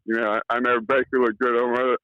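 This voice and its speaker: A man's voice: medium pitch, flat delivery, quick pace, clear, resonant tone, no echo. A man calling in to a sports radio show, an eager fan who stammers and restarts. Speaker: caller. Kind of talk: phone-in sports chat. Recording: muffled phone-call audio.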